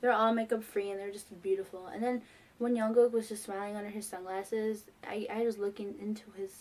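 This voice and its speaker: A teenage girl excitedly telling a rambling fan story, full of fillers. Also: mid-range voice, a little fast. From New York. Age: teens. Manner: gushing, rambling, many fillers. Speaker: fan vlogger.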